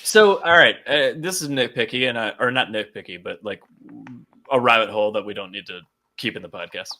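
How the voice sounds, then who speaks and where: A man co-hosting a casual comic book podcast, animated and laughing often as he acts out scenes. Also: medium pitch, a little fast. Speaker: podcast co-host.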